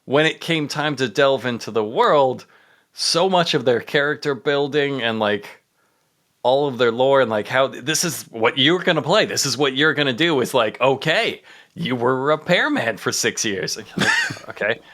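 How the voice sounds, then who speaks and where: A man of middle pitch with a lively, swooping voice, joking around as a player in a podcast game. He riffs on his character's bad luck in a playful, self-mocking way. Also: moderate pace. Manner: jokey, riffing on his own character. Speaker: player, co-host. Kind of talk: casual podcast chat.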